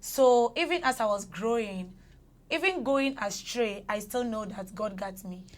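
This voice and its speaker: Woman, mid-pitched, earnest reflective tone, casual podcast chat. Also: lively intonation, unhurried. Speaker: podcast guest.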